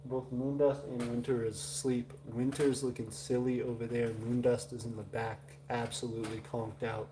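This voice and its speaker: Brief: male stream host with a Southern drawl, warm, relaxed tone, loose chatty delivery full of "uh"s. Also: mid-range voice, a little hiss or hum. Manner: rambling, many "uh" fillers. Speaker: livestream host. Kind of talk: casual live chat reading viewer comments.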